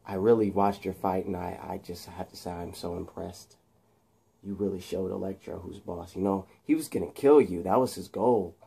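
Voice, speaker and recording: Ein Mann spielt einen leise drohenden jungen Erben. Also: male voice, moderate pace, creaky, slightly rough, heavily acted. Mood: menacing. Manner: low, hushed and menacing. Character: scheming young rich man, cold and taunting.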